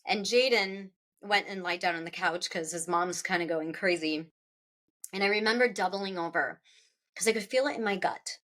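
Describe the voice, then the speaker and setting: A middle-aged woman, an author being interviewed, recounting a personal loss in a halting, emotional way, with restarts and pauses and her voice rising at the hardest moments. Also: lowish voice, a bit bright. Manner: halting, with restarts and pauses; voice rises when recalling distress.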